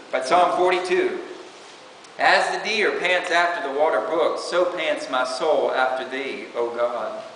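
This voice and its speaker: In an echoey hall with light background hiss, a man with a medium-pitched, slightly bright voice gives a casual sermon. He reads from scripture and talks conversationally, saying "you know" again and again.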